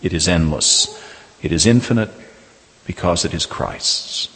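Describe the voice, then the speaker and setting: A man, a Catholic priest, preaching a sermon and telling a personal story in a measured way, slowing down for emphasis. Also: low-pitched, sharp tone. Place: church. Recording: reverberant church hall.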